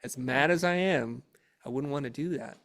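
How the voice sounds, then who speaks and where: A man's voice: medium pitch, moderate pace, creaky. A middle-aged man, an interview guest, telling a casual family story and acting out the dialogue animatedly. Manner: animated, acts out dialogue in raised voice.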